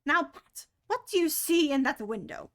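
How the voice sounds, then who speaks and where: A woman voicing an irritable, bossy male white rabbit who shouts and scolds in a storybook reading. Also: high-pitched, very animated, moderate pace, voice pushed up. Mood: angry.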